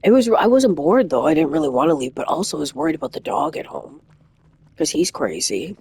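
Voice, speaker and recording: A gaming streamer spinning a casual, meandering story for an audience. The delivery is animated and full of false starts and self-corrections, drifting from one aside to the next. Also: mid-range voice, a little fast, slightly rough, low-quality recording. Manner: rambling, animated anecdote with many restarts.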